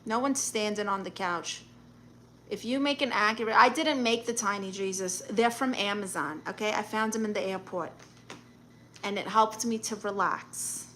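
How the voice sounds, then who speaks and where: A woman's voice: medium pitch, normal speed, a bit bright, a little hiss or hum. A woman hosting a casual live stream, reading viewer comments aloud and answering with blunt, sassy comebacks. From Puerto Rican and Guatemalan family.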